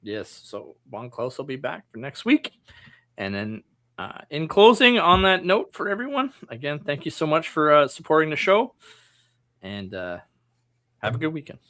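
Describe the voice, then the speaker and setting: A man from Canada, hosting a podcast and signing off the show in a chatty way, with lots of filler pauses. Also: fairly high pitch, wildly swooping pitch, a bit bright, no echo. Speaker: podcast host. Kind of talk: casual show sign-off.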